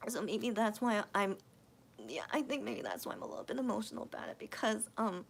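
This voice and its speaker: A woman's voice: mid-range voice, expressive, brisk, a little hiss or hum. A woman hosting a casual late-night livestream, reading viewer comments and thinking aloud hesitantly with many restarts. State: emotional, voice cracking near tears.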